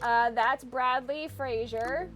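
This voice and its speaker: A young adult woman streaming a game, chatty and thinking aloud, with loud excitable outbursts. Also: high voice, slow pace, soft background music. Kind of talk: gaming stream commentary.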